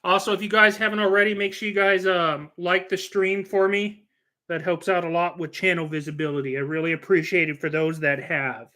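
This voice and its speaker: A middle-aged man talks casually to his live-stream viewers, rambling and joking as he goes. His voice sits high and sounds bright and forward. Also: fairly even intonation, a little fast. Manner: rambling and joking, with frequent restarts.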